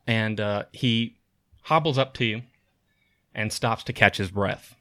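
A man running a tabletop game as game master, narrating scenes in a descriptive way with frequent pauses and fillers. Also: fairly low pitch, pushed and bright, no room sound, studio quality.

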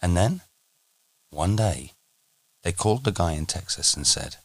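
Man, meditation teacher, podcast lesson, low voice, dry recording, measured delivery. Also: animated, husky, no room sound.

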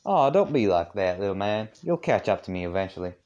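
A man voicing a cocky young male rival, with a smug, quick, teasing delivery. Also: on the low side, sing-song, darkish tone, lo-fi sound.

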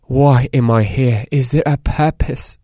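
Casting: a man doing a slow, grandiose mock-British philosopher, hushed, dry close sound. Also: mid-range voice, no echo, natural voice. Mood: dramatic. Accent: put-on British.

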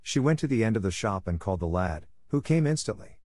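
A man giving a steady, measured storybook narration. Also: deep voice, dry recording, clean studio sound. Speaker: audiobook narrator.

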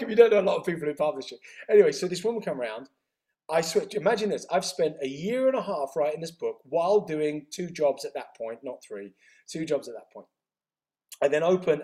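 A middle-aged man tells his life story in an interview, acting out the dialogue with quick reported speech. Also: a little high, mellow. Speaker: interview guest. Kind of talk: storytelling in conversation.

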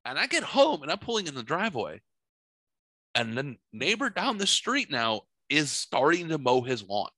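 A middle-aged man with a bright, forward voice tells a rambling story full of swearing. He talks animatedly in a casual podcast chat, and the sound is close and dry. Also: a little high, huge pitch swings, moderate pace, no echo. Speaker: podcast host. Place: home studio.

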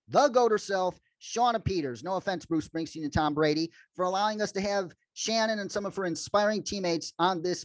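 A man's voice: sits high, dry recording. A man hosting a sports interview podcast, talking in an upbeat, earnest way. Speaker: podcast host.

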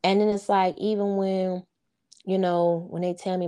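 Earnest woman with a low, mellow voice. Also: level tone, moderate pace, clean tone. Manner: earnest, heartfelt and informal, with frequent "you know what I'm saying". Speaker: interview guest, single mother of sons. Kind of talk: casual heartfelt interview chat.

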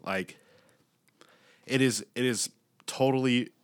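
A young man casually retelling a movie plot in a rambling, profane, animated way, acting out the characters' lines. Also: mid-range voice, slow, smooth, no room sound, clean studio sound.

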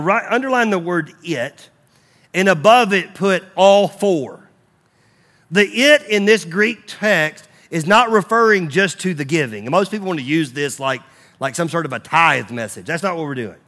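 A man preaching a sermon, animated and acting out quoted voices as he teaches from the Bible. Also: a little high. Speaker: pastor.

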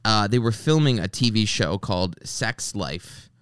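A man's voice: on the low side, lively intonation, a little slow, a bit bright, clean tone, no echo, studio quality. A man hosting a podcast, chatting casually and telling stories, acting out the people he quotes and swearing freely. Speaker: podcast host. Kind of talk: casual chat.

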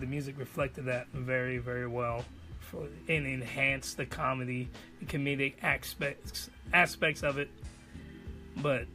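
A man's voice: medium pitch, sharp tone. A man giving a casual spoken review of an anime in a rambling, enthusiastic way.

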